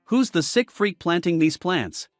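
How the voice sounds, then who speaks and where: A man's voice: high voice, lively intonation, a little slow, no room sound, clean studio sound, faint music behind. A man voicing an anxious young saintess who keeps asking flustered questions.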